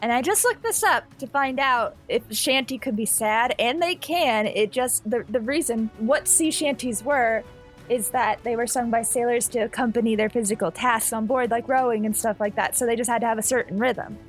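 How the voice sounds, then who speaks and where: Woman, slightly high voice, chatty and giggly, lots of fillers, music behind. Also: moderate pace. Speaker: player. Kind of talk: in-character tabletop play.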